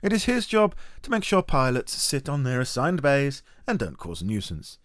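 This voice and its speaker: Male deadpan narrator, mid pitch, very wide pitch swings. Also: normal speed, no echo. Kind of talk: scripted comedy narration.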